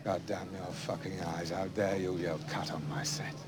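An actor playing a menacing, eccentric male film director who speaks in a theatrical, flatly threatening way with sudden bursts. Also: low voice, normal speed, natural voice. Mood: raging. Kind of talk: film drama acting. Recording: film soundtrack with clear background noise.

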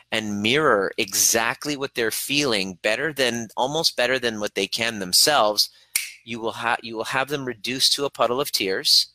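Male relationship coach, middle-aged, earnest and hands-on; bright, forward tone in a dry room. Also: medium pitch, moderate pace, dry recording, low-quality recording. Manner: earnest, coaching, acts out examples in a soft cooing voice. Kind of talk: motivational talk to camera.

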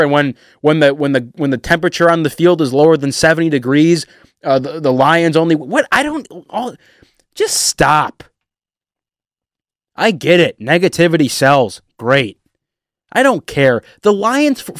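A man's voice: on the high side, no room sound, studio quality. Worked-up man ranting about sports. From Detroit area. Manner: animated, emotional, worked up; sarcastic. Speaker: sports fan vlogger.

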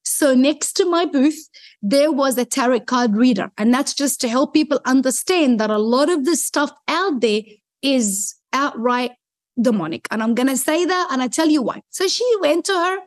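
Woman, high pitched, animated storyteller, dry recording. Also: moderate pace, dry recording. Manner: excitable, acts out dialogue with rising pitch. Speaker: guest sharing a faith testimony.

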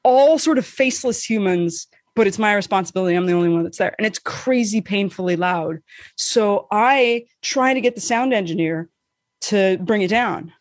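A woman co-hosting a podcast, telling a story in casual chat, animated and swearing freely, acting out the voices she quotes. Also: mid-range voice, moderate pace, dry recording, studio quality. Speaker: podcast co-host.

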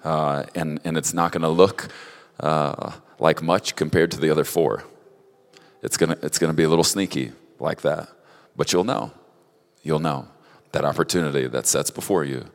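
Deep-voiced guy giving prophetic words, talks right at you, kinda halting, repeats himself, big echoey hall. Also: fairly even intonation. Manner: halting, repeats words, speaks warmly to one person at a time. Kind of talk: prophetic ministry, speaking directly to people. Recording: long reverb of a large hall.

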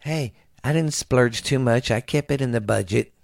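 A man's voice: mid-range voice, normal speed, creaky, dry recording. Middle-aged man, podcast host, profane stammering rant, dry close sound. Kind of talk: casual rambling monologue. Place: home at night.

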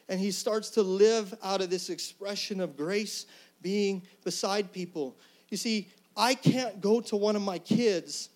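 High-voiced man preaching an earnest sermon. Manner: earnest, conversational, swings from soft to loud. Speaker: pastor.

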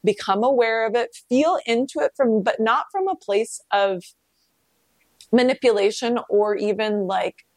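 A woman hosting a casual solo podcast, talking candidly and self-reflectively, with swearing and pitch leaps when emphatic. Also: unhurried, a little mellow, no echo. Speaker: podcast host.

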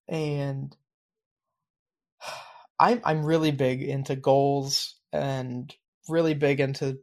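A man's voice: mid-range voice, fairly even intonation, extremely slow, pauses often, a little mellow. A man co-hosting a podcast in casual chat, rambling and reflective, with many fillers. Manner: reflective, explains his planning habits at length. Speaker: podcast co-host.

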